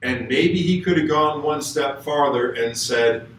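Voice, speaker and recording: A man's voice: medium pitch, a little slow, a bit bright, a little hiss or hum. A man guest preacher giving a conversational, emphatic sermon in a church and reading scripture aloud. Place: church sanctuary. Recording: echoey church hall from far off.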